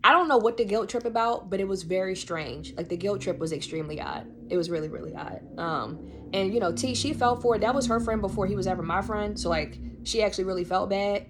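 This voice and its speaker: A young woman telling a personal story on her podcast, animated and slangy, full of fillers. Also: medium pitch, fast talker, noisy background. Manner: animated, slangy, many fillers, laughs often. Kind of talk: casual storytelling.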